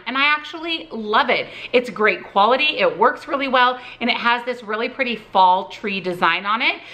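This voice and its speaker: A woman in her thirties, chatty and upbeat, talking through her favorite products at home. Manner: chatty and upbeat, with lively pitch jumps. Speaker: vlogger.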